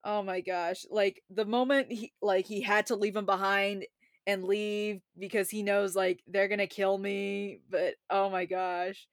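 Animated woman retelling a film. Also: medium pitch, no echo, studio quality. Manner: animated retelling, quoting characters in quick voices. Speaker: podcast co-host. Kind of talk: casual film review chat.

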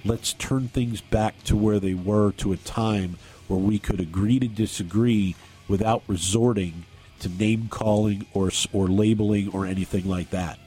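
A man hosting a talk radio show, speaking earnestly and haltingly, often restarting his sentences. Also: lowish voice, fairly even intonation, dark tone, slightly rough, soft background music. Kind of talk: talk radio, on-air remarks. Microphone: studio microphone.

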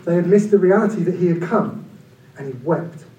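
A man around forty, preaching a sermon in an animated, conversational way with humorous asides. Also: a little fast. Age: about 40. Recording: echoey room from far off, low-quality.

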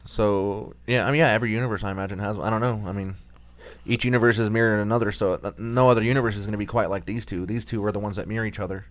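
A man's voice: fairly low pitch, very fast, no room sound. A man co-hosting a casual podcast chat, rambling as he recaps an episode and acts out the characters' lines. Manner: rambling, animated retelling with acted quotes. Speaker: podcast co-host.

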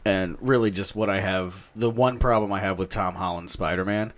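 Animated, foul-mouthed young man. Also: low-pitched, moderate pace. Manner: animated, swearing, jumps into mock voices and rants. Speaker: podcast co-host. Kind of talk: casual chat.

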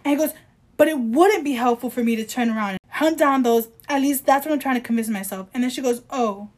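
A woman co-hosting a casual podcast chat, ranting in a heated, emphatic way and reading quotes aloud in mock voices. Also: sits high. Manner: heated, emphatic, rapid ranting with apologies for shouting. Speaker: podcast co-host.

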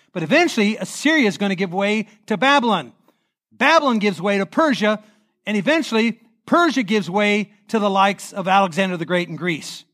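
A male pastor delivers a sermon to his congregation with a notably high voice. He preaches animatedly, slipping into quoted voices and asking the room to repeat phrases back. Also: a bit bright. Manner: leads the congregation in call-and-response. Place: church sanctuary.

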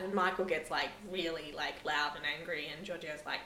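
A woman's voice: low voice, fairly even intonation, normal speed, few pauses, sharp tone. Rambling woman podcaster, echoey room. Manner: rambling, heavy use of "like" and "sort of". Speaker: podcast host. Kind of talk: casual chat recapping a TV episode. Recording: roomy echo.

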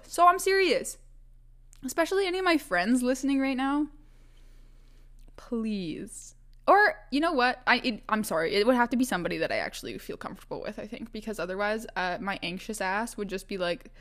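Young woman, from western Canada, solo podcast host, casual rambling chat, self-deprecating, laughs a lot, slightly high voice. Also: lively intonation, normal speed. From Vancouver Island, Canada. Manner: chatty, self-mocking, laughs often, restarts and asides.

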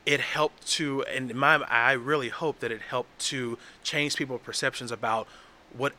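A man's voice: medium pitch, fairly even intonation, moderate pace, bright, forceful tone. A man from Texas talking casually and earnestly as a podcast guest, with frequent restarts.

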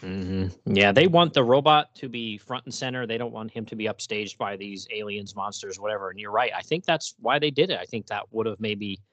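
A man's voice: on the low side, brisk, few pauses, a bit bright, no echo. A man hosting a podcast, chatting casually and with enthusiasm, laughing often and restarting his sentences. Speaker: podcast host. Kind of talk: casual chat.

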